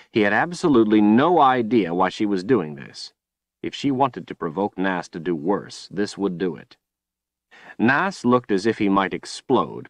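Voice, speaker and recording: A man reading an audiobook in steady, grave scripted narration on a close studio mic. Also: sits low, no echo.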